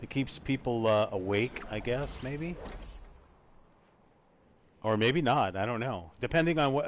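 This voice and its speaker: A man's voice: medium pitch, normal speed, long pauses. A man hosting a casual gaming talk show, rambling and trailing off as he talks. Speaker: podcast host. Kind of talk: casual chat while gaming.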